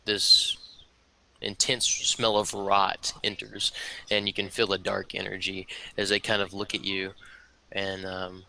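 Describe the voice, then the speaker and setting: A man narrating as dungeon master for a tabletop game, hesitant with many pauses and fillers. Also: low-pitched, monotone, creaky, pushed and bright, slight background noise, low-quality recording. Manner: hesitant, many ums and uhs.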